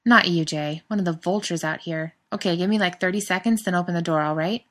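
A woman's voice: fairly low pitch, a little fast, fairly bright tone, lightly acted. A woman voicing a brash young man who mocks and wisecracks crudely in a read-aloud story. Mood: mocking.

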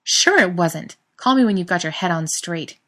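Storybook role: woman reading a harsh, cursing man, fast and sharp. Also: on the low side, animated. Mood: angry. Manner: harsh, cursing, cutting others off. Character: angry blunt male friend.

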